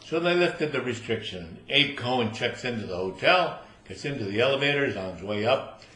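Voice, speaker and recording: A man's voice: mid-range voice, expressive, moderate pace, sharp tone. Older man telling jokes in an echoey room. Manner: storytelling, laughing at own punchlines. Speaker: amateur joke teller. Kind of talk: live joke telling. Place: room at a social club after bridge. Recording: roomy room with faint noise.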